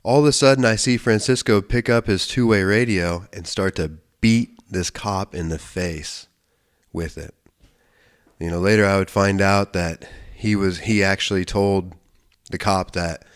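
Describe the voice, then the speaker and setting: Male American podcast host, lowish voice, loose profane storytelling, lots of restarts. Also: steady tone, measured pace. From United States. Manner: rambling, profane, frequent restarts and self-corrections. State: emotional, near tears at times. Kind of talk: casual storytelling monologue.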